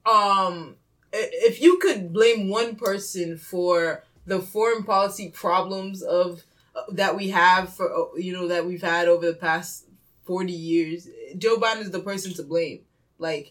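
A woman co-hosting a casual political chat, animated, swearing freely and mimicking other people's voices. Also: fairly low pitch, measured pace. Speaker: podcast co-host.

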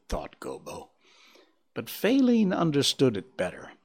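Lively male storybook narrator. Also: a little slow. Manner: lively, voicing characters with shifting pitch. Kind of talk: audiobook reading of a children's story.

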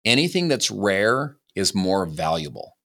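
A man's voice: fairly low pitch, big pitch swings, a little slow, a bit bright. A man, a guest author on a podcast, speaking in a preachy motivational way and repeating phrases for emphasis.

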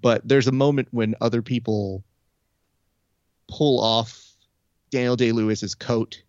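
A young adult man telling a story in casual chat, animated, acting out quoted lines with shifts in pitch. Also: a little slow, dry recording, dull audio. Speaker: podcast host. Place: Burbank area.

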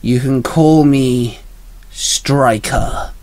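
A man voicing a cold, scarred male villain who speaks in a slow, quiet, menacing way. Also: mid-range voice, dry recording.

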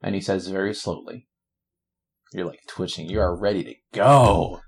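A man's voice: sits low, moderate pace, creaky, breathy edge. A man acting as game master, narrating a tabletop game with joking asides.

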